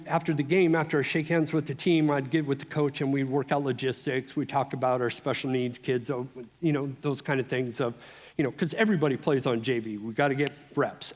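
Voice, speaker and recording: A middle-aged man giving a personal testimony speech at a conference, telling his story in an animated way with frequent restarts. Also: medium pitch. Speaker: conference speaker. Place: conference hall. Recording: long reverb of a large hall.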